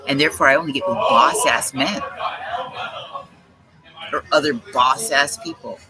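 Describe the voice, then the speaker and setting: A woman's voice: very deep voice, moderate pace, heavy background noise. A woman hosting a tarot livestream, ranting in a blunt, profane, scornful way. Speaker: tarot reader and livestream host. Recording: music playing behind.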